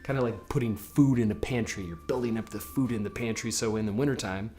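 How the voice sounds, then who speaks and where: A man giving a motivational lesson on public speaking, energetic and often repeating his words. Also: on the low side, quick pace. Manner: energetic, repeats words, acts out chanted affirmations. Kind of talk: motivational talk to camera.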